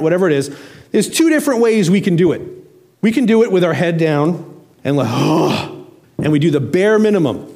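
A middle-aged man delivers a sermon in a relaxed, conversational pastor's voice that sits a little high. He wanders off his notes and acts out small everyday scenes to make his point.

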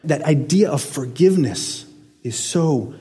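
A middle-aged pastor delivers a sermon with earnest conviction, pushing up for emphasis then sinking to hushed, low phrases. His voice sits a touch high for a man, mellow and a little husky. It rings with the long reverb of a large hall. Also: lively intonation, measured pace. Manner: earnest, swings between raised emphasis and hushed low lines.

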